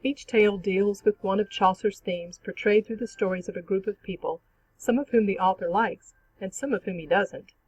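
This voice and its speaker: A teacher giving a clear, measured, scripted narration for an online literature lesson. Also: medium pitch, darkish tone, dry recording, dull audio. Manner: clear, measured explanatory reading.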